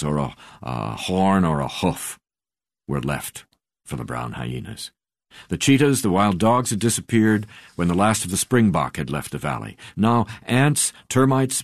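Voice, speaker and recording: A man with a strikingly low, deep voice narrates a memoir in a measured, unhurried reading, often sinking to a near-hush at the ends of phrases. The sound is close and dry, with no room around it. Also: no room sound. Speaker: audiobook narrator.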